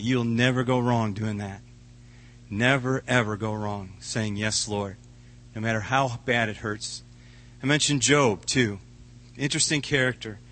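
A man's voice: mid-range voice, sharp tone. Earnest man preaching a sermon. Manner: earnest, conversational preaching with repeated words. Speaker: pastor.

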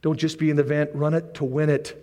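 Animated preacher man in a reverberant hall. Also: on the high side, fast talker. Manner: animated preaching with repetition and joking asides. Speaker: pastor. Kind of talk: sermon. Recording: long reverb of a large hall.

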